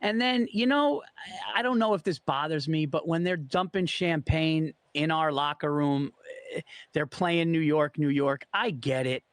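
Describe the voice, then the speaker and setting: Excitable higher-voiced man, dry sound. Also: normal speed, no room sound. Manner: excitable, swearing, stumbles over his words. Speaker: podcast co-host. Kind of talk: casual sports chat.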